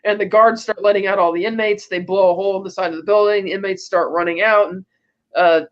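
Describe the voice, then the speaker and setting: A man with a fairly high voice gives a casual, meandering movie recap and paraphrases what the characters say. The audio sounds dull and lo-fi. He talks like a podcast co-host walking his friends through the plot. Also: fairly even intonation, quick pace. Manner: rambling retelling with loose paraphrased quotes.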